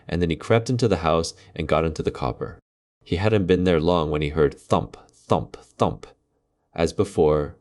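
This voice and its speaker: A man reading a fairy tale aloud in measured, dramatic storybook narration. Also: very deep voice, darkish tone.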